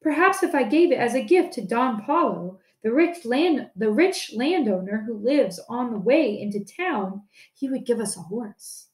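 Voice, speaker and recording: A man's voice: extremely high pitch, lively intonation, a little slow, reverberant. A woman reading aloud as a poor, trusting male farmer in a folk tale, in an earnest storybook manner.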